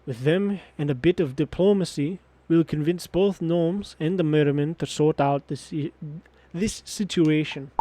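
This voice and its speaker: A man's voice: a little high, measured pace, warm tone. A man voicing a clever, scheming male village chief in a game, in a theatrical put-on Scottish accent that drifts.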